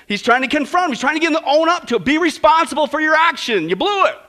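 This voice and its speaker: A man's voice: very high voice, lively intonation, quick pace, pushed and bright. A male pastor giving a humorous sermon, chatting with listeners and asking them questions. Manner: conversational, asks listeners questions, jokes.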